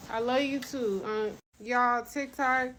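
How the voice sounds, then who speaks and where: High-voiced young woman vlogging on a street. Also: steady tone, takes it slowly. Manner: emotional, chatty, addresses viewers directly. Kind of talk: casual phone vlog. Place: outdoors on city streets. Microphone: phone camera at arm's length. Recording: loud street noise behind.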